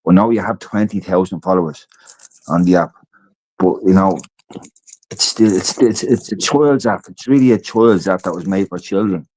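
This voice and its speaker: Deep-voiced Irish man chatting. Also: normal speed, a little mellow, no room sound. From Ireland. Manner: conversational, repeats himself, acts out quoted lines. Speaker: podcast co-host. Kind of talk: casual chat.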